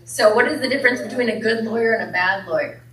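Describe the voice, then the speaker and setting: A woman's voice: a little high, quick pace, a bit bright. A woman minister giving a playful sermon with jokes, often asking the congregation questions. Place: church hall. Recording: echoey hall from a distance.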